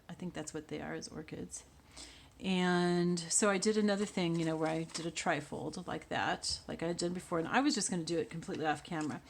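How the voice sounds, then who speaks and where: A woman hosting a casual crafting tutorial, chatting and thinking aloud as she works, often dropping to quiet mutters. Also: on the low side, a little hiss or hum.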